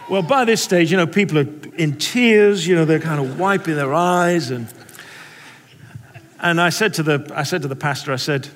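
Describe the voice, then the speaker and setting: An English preacher delivers a sermon with rhetorical questions and humorous stories. His voice sits high for a man, and a long reverb fills the hall around him. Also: normal speed. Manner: animated, rhetorical, humorous storytelling.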